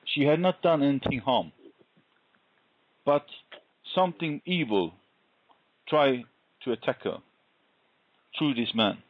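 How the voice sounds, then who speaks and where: A man sharing a faith testimony in an interview, telling his story earnestly and deliberately. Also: mid-range voice, animated, dry recording. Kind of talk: conversational interview, personal testimony. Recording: dull lo-fi recording.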